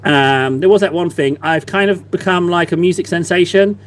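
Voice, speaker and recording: Slightly high, teasing male streamer. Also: moderate pace. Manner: playful, teasing, mock-innocent banter with chat. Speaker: streamer painting miniatures. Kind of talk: casual live-stream chat while painting. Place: at a desk, painting.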